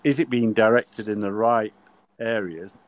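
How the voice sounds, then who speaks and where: A man's voice: fairly low pitch, unhurried, noisy background. An older man, a former referee, tells anecdotes on a podcast and acts out the dialogue. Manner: animated storyteller who acts out quoted dialogue. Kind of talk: podcast interview, anecdotal storytelling.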